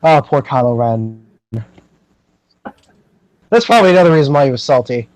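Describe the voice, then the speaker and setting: A man's voice: medium pitch, lively intonation, moderate pace, a little mellow, dry recording, poor audio. A young man hosting a podcast, chatting casually and animatedly, with lots of fillers and frequent laughter. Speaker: podcast host.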